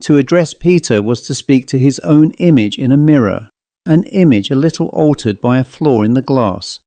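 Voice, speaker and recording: Man narrating a spooky short story, dark mellow voice, dry close mic. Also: medium pitch, dry recording. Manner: measured, even storytelling. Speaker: audiobook narrator. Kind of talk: scripted literary narration.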